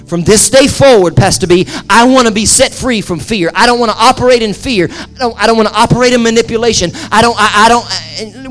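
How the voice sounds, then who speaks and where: A male pastor with a notably high voice delivers a passionate sermon to his congregation. He repeats phrases for emphasis and swings between forceful cries and quiet, intimate asides. Soft music plays faintly beneath him. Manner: impassioned, swings from loud to hushed, repeats phrases. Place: church service with live audience.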